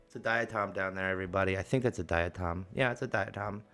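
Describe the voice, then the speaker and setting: Playful lower-voiced male streamer. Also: fast, pushed and bright, soft background music. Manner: playful, joking with chat. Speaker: live-stream host. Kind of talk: casual live-stream chat.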